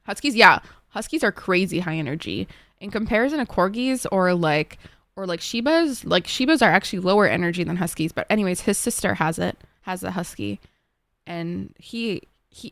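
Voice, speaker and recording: A young woman from Egypt chats with her viewers from a desk at home, her mid-range voice fairly bright in tone and free of echo. Her casual talk is full of "like" and plenty of swearing.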